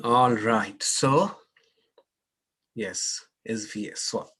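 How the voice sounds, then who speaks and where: A man teaching a scripture class as a swami, leading slow chants and explaining pronunciation in an online session. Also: lowish voice, a bit bright, breathy edge. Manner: slow measured chanting with repetitions. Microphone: online class, unmuting participants.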